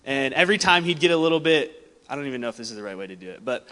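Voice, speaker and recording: A young man preaching a sermon, telling a personal story in a casual, animated way and laughing often. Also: medium pitch, rapid-fire. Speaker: pastor. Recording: long hall reverb.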